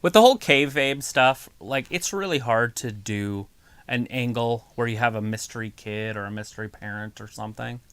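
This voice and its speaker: A man's voice: mid-range voice, normal speed, fairly bright tone, smooth, dry recording. A man co-hosting a live wrestling stream, rambling in a laid-back, jokey way between bits of match commentary.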